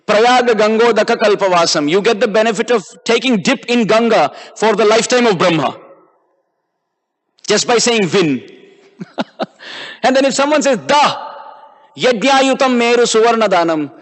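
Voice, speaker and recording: A man giving a devotional sermon as a visiting preacher in a temple hall, chanting verses and drawing out syllables. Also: high voice.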